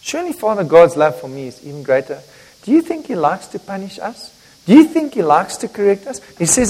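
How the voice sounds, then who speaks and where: An older man delivers a sermon in a high, lively voice. He jokes with his congregation and swings between loud emphasis and near-hushed lines. His voice rings with long reverb through the church hall. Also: fairly quick. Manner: emphatic preaching with sudden loud and quiet swings; jokes and talks directly to the congregation. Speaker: pastor.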